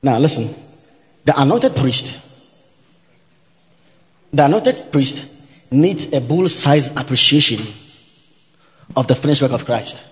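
Taking his time with long pauses and lively intonation, a medium-pitched man preaches to a congregation. Each point gets repeated, he frequently asks if his listeners follow, and he sometimes exclaims "hallelujah". It's recorded in a dull, echoing hall.

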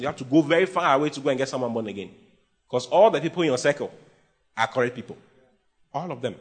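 A man with a Ghanaian English accent, preaching a sermon with emphatic bursts and playful mimicry of his listeners. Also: medium pitch. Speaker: pastor.

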